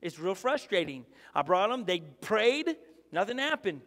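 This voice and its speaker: A man preaching a sermon with a high, light voice, animated and conversational. He slips into quick voices to act out prayers and quotes. The sound rings with the long reverb of a large hall. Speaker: pastor. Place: church auditorium.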